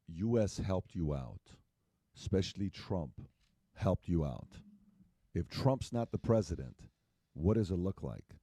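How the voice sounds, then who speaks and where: A man with a mellow, dark-toned voice argues on a podcast panel. He hammers his points with repeated questions. The sound is dry and close. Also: deep voice, dry recording. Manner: emphatic, repeats questions for force. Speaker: podcast host. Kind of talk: heated podcast discussion.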